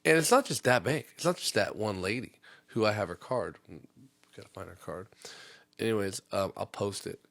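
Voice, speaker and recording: A man hosting a comedy podcast, rambling through a story and jumping into quick impressions. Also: on the low side, creaky, fairly bright tone, no room sound.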